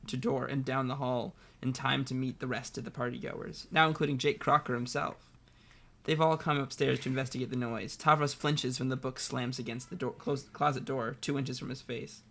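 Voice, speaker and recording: Brief: co-host narrating a webcomic read-along, eager and expressive. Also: mid-range voice, normal speed, a little hiss or hum. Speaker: co-host reading a webcomic aloud.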